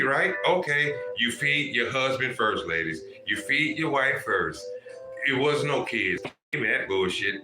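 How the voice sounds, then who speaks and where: A man's voice: medium pitch, reverberant. A man hosting a livestream, lecturing his viewers in a profane, preachy way and calling out to people in the chat. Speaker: livestream host.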